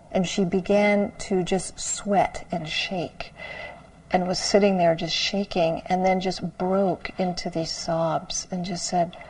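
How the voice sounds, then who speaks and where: A woman meditation teacher giving a dharma talk, telling a student's story in a soft, slow way and often dropping to a whisper. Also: medium pitch, a little hiss or hum, rough recording.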